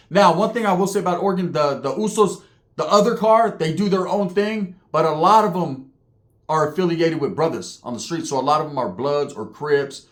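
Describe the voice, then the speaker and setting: A man telling a story in a loose, streetwise way, swearing freely and dropping "right?" after his points. His voice sits somewhat high for a man. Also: fairly quick. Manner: streetwise, profane, frequent "right?" asides. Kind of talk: casual spoken storytelling.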